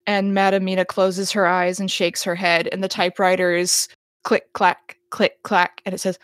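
A woman's voice: lowish voice, little pitch movement, moderate pace, no echo, clean studio sound. A woman acting as game master who narrates a tabletop game in a descriptive way, often restarting her sentences.

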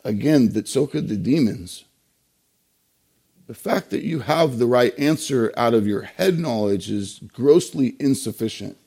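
Mellow-voiced male pastor preaching. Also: mid-range voice, animated, husky. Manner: emphatic preaching with rhetorical questions and pauses. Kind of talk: sermon.

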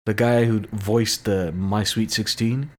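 A man's voice: fairly low pitch, slow pace. A man co-hosting a podcast in casual chat, asking lots of questions and now and then mimicking voices. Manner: animated, questioning, puts on voices. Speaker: podcast co-host.

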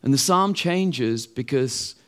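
A man's voice: mid-range voice, animated, slow, a bit bright. A middle-aged man preaching a sermon in a conversational way, acting out the voices of other people.

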